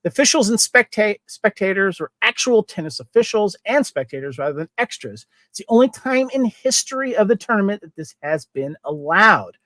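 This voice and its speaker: A chatty man hosts a relaxed movie podcast, his voice sitting high for a man. He reads trivia aloud and laughs easily, and the sound is dry and close with no room around it. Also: brisk, few pauses, no room sound. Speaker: podcast host. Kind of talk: casual movie podcast chat.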